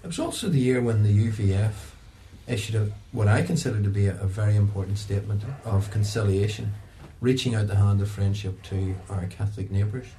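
A man interviewing a guest, giving brisk factual context between his answers. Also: on the low side, mellow, a little hiss or hum, poor audio. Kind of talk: interview questioning.

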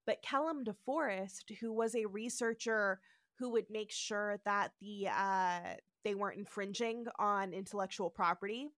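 A podcast co-host with a voice on the high side tells a story in a casual chat, laughing a lot and acting out the quotes. Her recording is studio quality with no echo.

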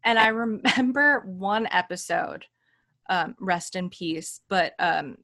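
A woman co-hosting a podcast, telling anecdotes in an animated, unhurried way in casual chat. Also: lowish voice, gravelly, no room sound, studio quality. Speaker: podcast co-host. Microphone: studio microphone.

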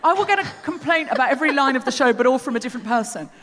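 A woman from Australia hosting a live comedy show, telling self-mocking stories with animated energy on a theatre stage. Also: high-pitched, racing, heavy background noise. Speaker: podcast host. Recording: long theatre hall reverb.

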